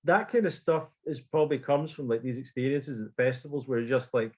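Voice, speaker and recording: A man's voice: a little high, a little fast, few pauses, muffled recording. A man telling a story in casual chat, acting out quotes and swearing freely. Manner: animated, swearing, acts out quotes. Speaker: podcast guest.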